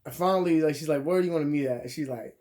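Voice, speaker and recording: Profane, animated man ranting on camera. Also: a little high, rapid-fire. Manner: crude, animated, swings between loud outbursts and muttered asides. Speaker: vlogger. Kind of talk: profane storytime rant.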